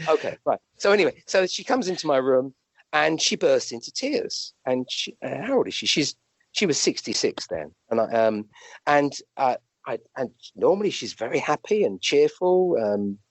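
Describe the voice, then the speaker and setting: A man with a British English accent, a physician and medium, telling rambling anecdotes as a guest, with many restarts and lively jumps in pitch. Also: breathy edge, no room sound. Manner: animated, rambling anecdotes with restarts and acted-out quotes. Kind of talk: conversational storytelling.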